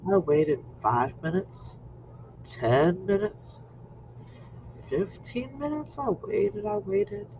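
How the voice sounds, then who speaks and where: Animated male storyteller in his fifties, high-pitched with a gravelly edge; lo-fi recording. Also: slow pace, long pauses. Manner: animated, acts out scenes. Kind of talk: personal anecdote storytelling. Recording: muffled lo-fi recording with faint noise.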